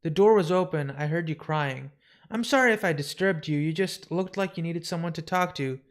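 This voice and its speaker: Death as a kind, gentle young woman, read by a man in a live comic book reading. She speaks softly and comfortingly to someone in distress. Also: on the high side, moderate pace, close to an everyday voice.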